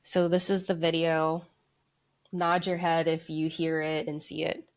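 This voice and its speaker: Woman podcast host, low voice, congested with a cold, rambling casual chat. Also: little pitch movement, a little slow. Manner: loose and rambling, many fillers.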